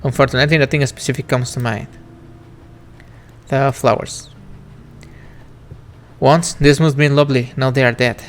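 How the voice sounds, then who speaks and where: A man's voice: medium pitch, fairly even intonation, moderate pace, pauses often, a little hiss or hum. A man streaming a narrative game, reading its first-person text in a reflective, wistful way. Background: faint game music.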